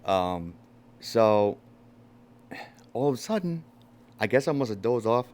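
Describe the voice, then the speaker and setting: Animated swearing New man. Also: on the low side, slow. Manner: animated storyteller, swears often, acts out quotes loudly. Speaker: podcast host. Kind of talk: casual storytelling chat.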